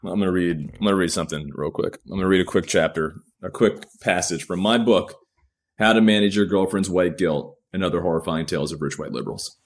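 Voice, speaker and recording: A man's voice: sits low, fairly even intonation, fairly quick. A man who is a stand-up comedian, talking candidly and rambling in a solo video podcast, self-deprecating and swearing freely.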